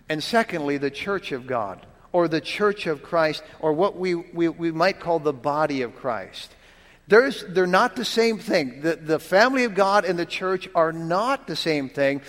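Preaching man in a reverberant hall. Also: high-pitched. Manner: conversational preaching with rhetorical questions. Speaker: pastor. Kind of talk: sermon.

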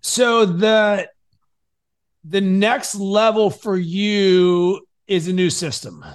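Guy with a high voice coaching a podcaster, super energetic, goes loud then soft. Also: extremely slow, clean tone. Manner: energetic, swings between loud and soft to demonstrate. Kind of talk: coaching conversation.

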